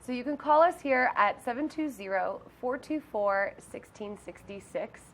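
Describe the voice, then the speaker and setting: A woman's voice: on the high side, expressive, normal speed. Woman hosting a live homework show. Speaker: math teacher and show host.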